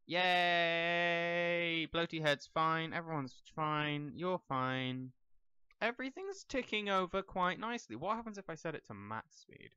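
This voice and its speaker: A man's voice: fairly high pitch, sharp tone, clean tone, dry recording, dull audio. A young man giving casual gameplay commentary, rambling and talking to the characters on screen. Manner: rambling, talks to the game characters. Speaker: let's play gamer.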